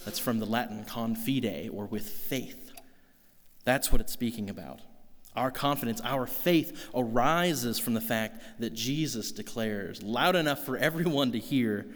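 A man's voice: mid-range voice, unhurried, big-room sound. A man preaching a sermon in an earnest, conversational way, asking the congregation rhetorical questions. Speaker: pastor.

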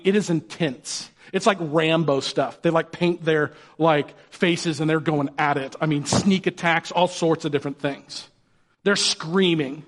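Guy pastor with a high voice, chatty sermon, cracks jokes as he goes. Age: adult parent. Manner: lively, joking, conversational. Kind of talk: conversational sermon.

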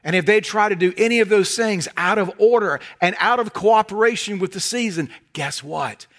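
Man, Southern accent, sermon, storytelling, high voice, swings from lively to hushed. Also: normal speed. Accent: Southern American. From North Carolina. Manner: animated storytelling, folksy humor, drops to soft intensity. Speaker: preacher.

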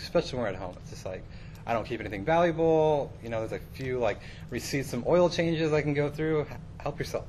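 A man's voice: medium pitch, lively intonation, fast talker, a little mellow, slight background noise. A man preaching in a casual storytelling way, chatty and self-deprecating with many fillers.

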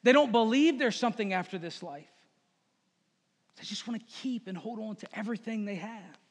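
A man with a high voice preaches a sermon in an earnest, emphatic way, leaning on repeated phrases. His voice rings out with the long reverb of a big church hall. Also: a little fast. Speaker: pastor.

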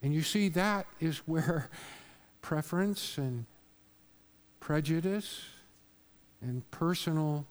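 A male pastor delivers a sermon at an unhurried pace, relaxed and chatty, and he often corrects himself as he goes. His voice sits fairly high, and a long reverb from the church hall trails after every phrase. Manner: conversational, storytelling, with self-corrections.

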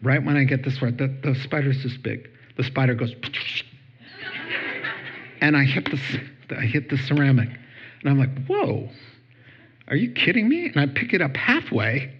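A man's voice: mid-range voice, normal speed, pauses often, slightly rough, dull audio. A man preaching a sermon, telling stories with acted-out voices and laughing at his own jokes. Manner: animated storytelling, acts out voices and laughs. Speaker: pastor.

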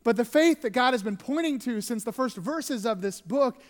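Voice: medium pitch, expressive, normal speed. Earnest preacher in a reverberant hall. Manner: earnest, shifting between emphatic and hushed. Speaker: pastor. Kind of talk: sermon.

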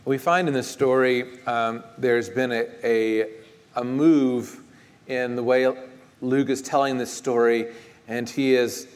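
A man with a Texan accent preaching a conversational sermon as pastor, relaxed and searching for his words. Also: mid-range voice, smooth. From Texas. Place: church sanctuary. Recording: long reverb of a large church.

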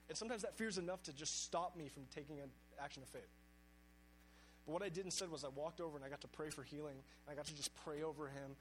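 A young man gives a sermon built around a personal story, earnest and animated as he acts out his own inner dialogue. His voice sits a little high for a man, and a faint hum runs underneath. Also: quick pace, low-quality recording. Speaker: preacher.

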